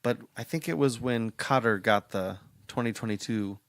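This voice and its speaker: A man's voice: mid-range voice, moderate pace, no room sound, clean studio sound. A man co-hosting a podcast, telling stories and chatting casually in a wry, rambling way. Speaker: podcast co-host.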